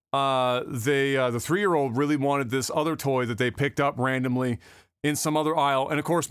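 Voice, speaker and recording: A man in his thirties co-hosting a podcast, telling a story in casual chat, animated, laughing often and swearing freely. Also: medium pitch, clean tone, dry recording. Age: 30s. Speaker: podcast co-host.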